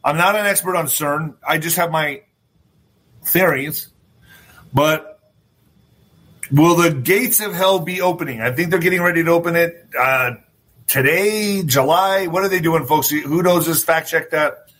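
A man hosting his own talk show, ranting loosely in a loud, swearing style with sudden shouts. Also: fairly high pitch, a little slow, low-quality recording. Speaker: host. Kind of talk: opinionated talk show monologue.

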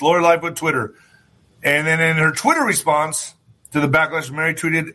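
A man hosting his own talk show, ranting loosely in a loud, swearing style with sudden shouts. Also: fairly high pitch, moderate pace, low-quality recording. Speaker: host. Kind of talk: opinionated talk show monologue.

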